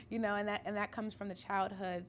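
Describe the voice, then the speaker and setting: A woman's voice: medium pitch, steady tone, normal speed. A woman speaking frankly and matter-of-factly about her own life. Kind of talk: candid personal storytelling. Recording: faint room noise behind.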